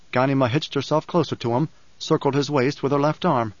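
A man with a medium-pitched voice narrates a scripted audiobook, his storytelling measured and even. There's no room sound; the studio recording is dry and slightly dull.

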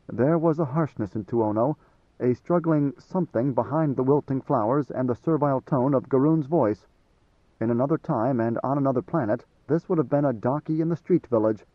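A man narrating a novel as an audiobook in a measured, dramatic reading. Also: medium pitch, no echo, muffled recording. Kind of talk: scripted narration.

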